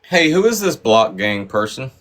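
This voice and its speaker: A man's voice: mid-range voice, big pitch swings, moderate pace, a bit bright. A man joining a group livestream, making dry, teasing remarks. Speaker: livestream guest. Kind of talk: casual livestream chat.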